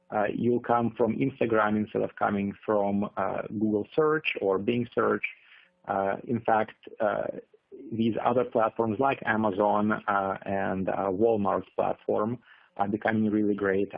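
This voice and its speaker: A man gives a business webinar talk in a low, heavily gravelly voice, pausing often on fillers. His voice sounds husky and comes through a tinny, phone-like line, dry and close. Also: dry recording. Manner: many "uh" and "um" fillers, halting. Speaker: presenter.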